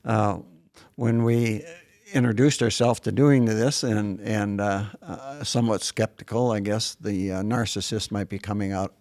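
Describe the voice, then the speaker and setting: A man's voice: on the low side, steady tone, unhurried, darkish tone, no room sound. A man in his late seventies from northern South Dakota, whose first language was German, telling his life story as an interview guest in a leisurely, reminiscing way with frequent restarts. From northern South Dakota, USA. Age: 70s. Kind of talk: casual interview conversation.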